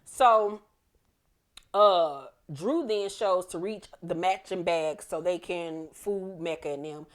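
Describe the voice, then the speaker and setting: Chatty woman with a lowish voice. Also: slow. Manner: chatty, profane, acts out characters' lines. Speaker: TV episode reviewer. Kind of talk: casual episode recap.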